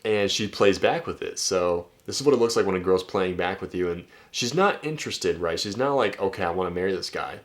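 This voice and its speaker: A man with a deep, low voice talks through text exchanges as a dating coach. His delivery is casual and chatty, with occasional swearing and a habit of ending points with "right?". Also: animated, fairly quick, few pauses. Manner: loose and chatty, swears, keeps asking "right?". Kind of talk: casual commentary reading out texts.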